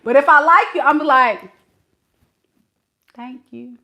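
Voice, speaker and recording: A young woman, a tarot reader, chatting casually to camera with playful, animated storytelling. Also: high-pitched, quick pace. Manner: animated, playful storytelling with lots of acted-out voices.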